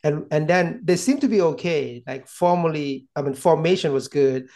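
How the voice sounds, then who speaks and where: A man chatting casually on a movie podcast, halting and giggly as he describes scenes. His voice is a bit high and has a gravelly, creaky edge. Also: a little mellow. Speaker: podcast co-host. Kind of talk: casual movie review chat.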